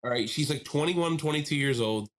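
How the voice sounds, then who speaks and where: Animated male podcast storyteller. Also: on the high side, brisk. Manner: animated storyteller, acts out voices, laughs often. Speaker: podcast co-host. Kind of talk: casual storytelling chat.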